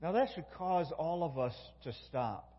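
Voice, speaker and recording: A middle-aged male pastor preaches in a folksy, homespun way, telling jokes and often restarting his sentences. His voice sits a little high and is somewhat husky. The recording is dull and lo-fi, with a long reverb from a large church. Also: moderate pace. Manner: folksy, self-interrupting, tells jokes. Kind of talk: sermon.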